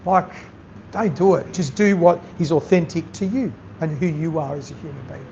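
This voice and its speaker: At a moderate pace, a man with a fairly high, somewhat mellow voice gives a candid masterclass talk as a chef. He's animated and blunt with the audience at the event venue, swearing freely, and the recording is slightly dull with faint noise.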